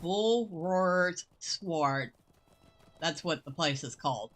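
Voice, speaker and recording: A woman's voice: lowish voice, animated, a bit bright, a little hiss or hum. A woman giving casual, chatty gameplay commentary as she plays, musing aloud as she goes. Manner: chatty and unhurried, muses aloud, laughs easily. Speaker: gameplay host.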